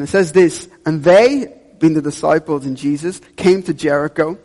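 A young man, a youth pastor, preaching a sermon in a church, earnest and repeating key phrases for emphasis. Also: a little high. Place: church hall. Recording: long hall reverb.

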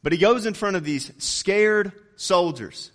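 Male preacher, fairly high voice, dynamic delivery that swells to loud peaks and sinks low for emphasis. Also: expressive, measured pace. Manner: rising to loud emphatic peaks, dropping low on key words. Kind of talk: sermon.

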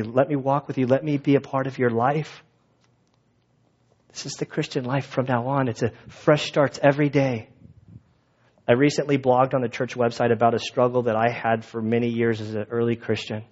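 A middle-aged male pastor preaching a sermon, animated, often acting out the voices of the people he quotes. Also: mid-range voice, normal speed. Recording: dull lo-fi recording.

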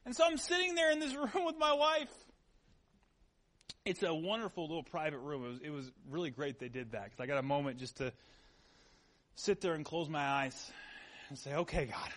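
A pastor with a high, light male voice delivers a sermon to his congregation. He speaks conversationally and weaves in personal stories. He uses earnest repetition to drive his points home. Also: lively intonation, moderate pace, long pauses, fairly bright tone.

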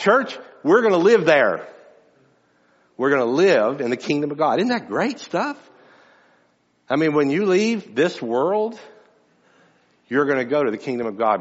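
A man's voice: on the high side, slightly rough. A man preaching a sermon to his church in a conversational, emphatic way, often restarting his phrases. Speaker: pastor. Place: church sanctuary. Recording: dull sound with long hall reverb.

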